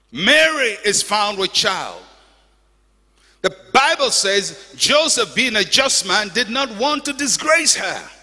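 An older pastor preaching a sermon in a church, with emphatic, repetitive exhortation and humorous asides. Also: male voice, sits high, bright, forceful tone. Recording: echoey church hall.

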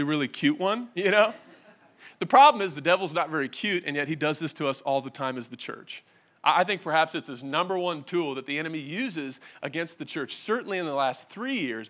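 A pastor in his thirties with a Californian American accent is preaching to a live congregation. He talks on a slightly raised pitch with a bright, forceful edge to his voice. He keeps it casual and joking and often puts questions to the crowd. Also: fairly quick. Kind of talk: humorous sermon. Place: church stage.

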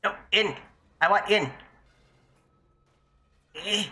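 Speaking very slowly, a young adult streamer with a bright, forceful, middle-range voice rambles through a live gameplay session. They swear freely and chat loosely with themselves and their viewers.

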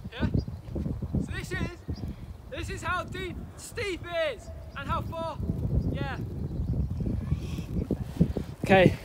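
Breathless high-voiced lad outdoors. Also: male voice, noisy background. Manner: loud, excitable, swearing. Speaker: vlogger. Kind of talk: casual vlog talk to camera. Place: outdoors on a snowy golf course in a blizzard. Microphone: handheld phone.

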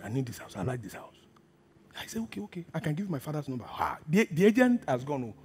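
A man preaching a sermon, telling a personal story with acted-out dialogue and hushed asides. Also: fairly high pitch. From Nigeria. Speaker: pastor.

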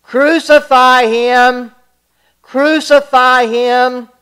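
A church reader voicing a furious crowd of priests in a scripture reading, shouting their lines at raised pitch. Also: fairly even intonation, very slow, smooth, exaggerated voice.

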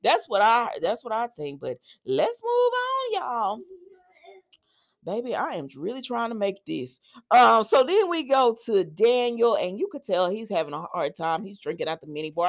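A woman in casual, chatty talk, recapping a soap opera episode for her viewers and reacting with laughs and asides. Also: medium pitch. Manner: chatty and animated, laughing and talking to viewers as "y'all".

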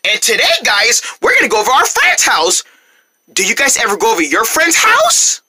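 A performer voicing a cheerful, boastful young male cartoon character who talks to the children watching in a high, excitable, sing-song way. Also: normal speed, breathy edge, exaggerated voice. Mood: excited, cheerful. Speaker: children's show character host.

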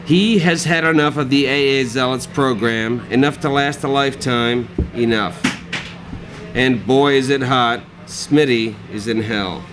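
A man reading his own dark comic prose aloud at a live cafe reading, with a dry, sardonic delivery. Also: medium pitch, unhurried, over music, low-quality recording.

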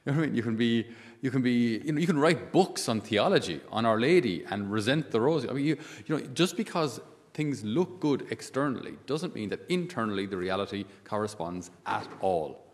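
A man's voice: mid-range voice, lively intonation, a little fast, long reverb tail. A man, a priest giving a conversational sermon full of asides and rhetorical questions.

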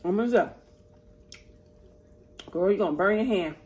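A woman's voice: mid-range voice, normal speed, a little mellow, slight background noise. A woman hosting an eating show, chatting with viewers in a casual, familiar way between bites. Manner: chatty, talks to viewers as y'all, eats between lines. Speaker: mukbang host.

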